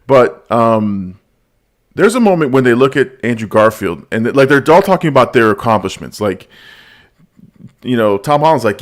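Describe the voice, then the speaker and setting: A man hosting a casual podcast, talking about movies in an animated, storytelling way. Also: medium pitch, normal speed. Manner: animated, storytelling with quoted lines and laughs. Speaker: podcast host. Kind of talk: casual movie review chat.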